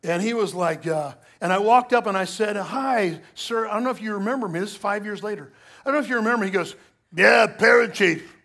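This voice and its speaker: A middle-aged male pastor preaching a sermon, telling a personal story with lively asides to the congregation. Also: high-pitched, fast.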